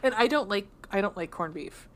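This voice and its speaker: Bright, lively woman co-hosting a podcast. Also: mid-range voice, brisk. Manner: teasing, laughs often. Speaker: podcast co-host. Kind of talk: casual chat.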